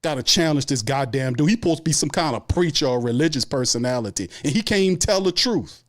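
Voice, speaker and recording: A man hosting a sports show, delivering an angry, profane fan rant full of repeated complaints. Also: mid-range voice. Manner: angry, profane, repetitive ranting.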